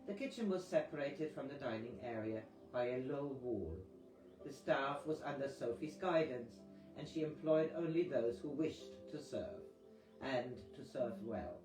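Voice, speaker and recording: A man reading a book aloud in a live session, unhurried and plain with pauses. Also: medium pitch. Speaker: reader. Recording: echoey room with faint music.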